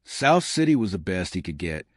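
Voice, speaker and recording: A flustered, clingy young college woman who rambles in defensive pleas, put on by a male storyteller. The voice sits fairly low and swings widely in pitch. It sounds close and dry, with no room around it. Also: sing-song, moderate pace, no room sound. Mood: panicked.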